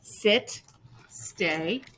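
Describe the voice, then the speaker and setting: A woman voicing a bold talking female dog who scolds loudly and emphatically. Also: mid-range voice, expressive, very slow, a little hiss or hum, pitched above the performer's own voice. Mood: scolding.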